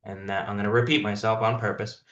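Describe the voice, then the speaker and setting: A man's voice: on the low side, level tone, fast, a bit bright, roomy sound, lo-fi sound. A man leading a sales team meeting on a call, coaching his callers directly and repeating key points for emphasis.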